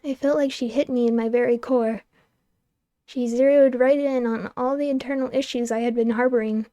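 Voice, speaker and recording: A young woman streamer reading a game's narration aloud, lively and wry, on a close microphone. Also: a little high, normal speed, dry recording. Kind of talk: expressive narration of a game's text.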